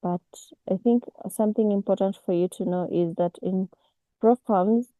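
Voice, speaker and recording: A woman, teaching a casual online forex class over a video call, unhurried and full of restarts. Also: mid-range voice, fairly even intonation, mellow, no echo, rough recording. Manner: unhurried, with many restarts and fillers. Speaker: forex mentor.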